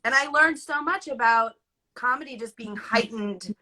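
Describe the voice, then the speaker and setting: A woman in her thirties, a guest on a casual video-call interview, telling animated stories and laughing easily. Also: a little high, moderate pace. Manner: animated storyteller, laughs easily, acts out quotes. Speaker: guest, former child actor.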